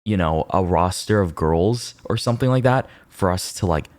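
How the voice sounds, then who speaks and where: Rambling male streamer, low voice. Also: animated, normal speed, a little mellow, no echo. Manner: rambling, lots of "like" and "right?". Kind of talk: casual stream storytelling.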